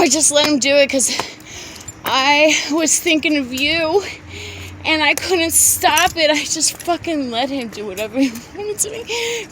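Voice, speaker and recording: A woman walking outdoors through a city park, talking into her phone in a rambling, breathy, gushing way full of swearing and exclamations. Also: high-pitched, fairly bright tone. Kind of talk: rambling confessional monologue to an absent lover. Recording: outdoor street noise and traffic. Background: street ambience with passing vehicles.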